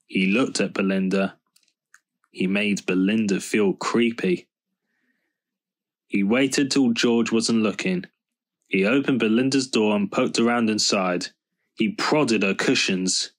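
A male storyteller reading a children's book aloud in a calm, measured way. He speaks slowly, in a fairly low voice. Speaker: storybook reader.

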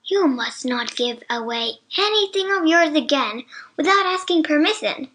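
A woman's voice: sits high, animated, moderate pace, a bit bright. A woman voicing a stern older aunt who scolds firmly in a storybook reading. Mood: scolding. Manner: scolding, firm.

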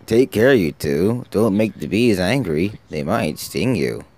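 A man voicing a sensible male diesel engine that talks in a calm, cautioning way. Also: sits low, measured pace, a little hiss or hum. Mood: cautious.

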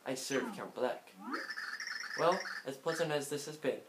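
A man voicing a smug, taunting male jester villain in a soft, hushed theatrical tone, read over game music. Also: mid-range voice, unhurried, very noisy, lightly acted. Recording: echoey room with game music.

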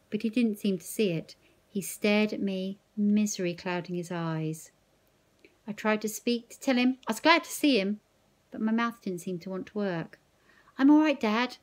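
A woman teacher reading a novel aloud in first person, slow, measured and expressive. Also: mid-range voice.

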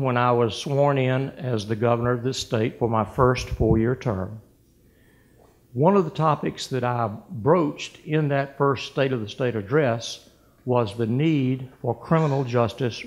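An older man, giving a measured, deliberate award acceptance speech as a governor. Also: medium pitch, creaky, a little mellow. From United States. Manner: measured, deliberate, emphatic on key words. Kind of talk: formal speech at a podium.

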